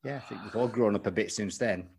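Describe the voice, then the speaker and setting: A man's voice: on the low side, quick pace, creaky, a little mellow, a little hiss or hum. A man hosting a casual podcast interview over a video call, chatty and bantering with his guest. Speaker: podcast host.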